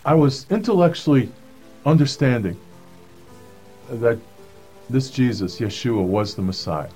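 A man of middling pitch recounts his personal testimony with earnest conviction. He slips into the voices of the people in his story as he goes, and soft music plays faintly behind him. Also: animated, unhurried. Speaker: speaker giving a personal testimony.

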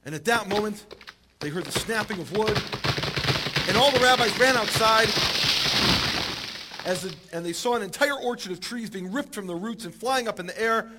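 A man telling a religious story to an audience, animated and rising at the climaxes. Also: high-pitched, normal speed, pauses often, a little hiss or hum. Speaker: speaker. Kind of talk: storytelling sermon.

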